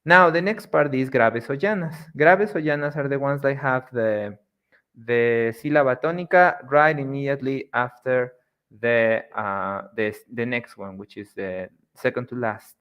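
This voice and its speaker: A man teaching a casual video lesson, explaining patiently with frequent restarts and filler sounds, and repeating example words slowly and drawn out. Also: medium pitch, clean tone, lo-fi sound. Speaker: language teacher.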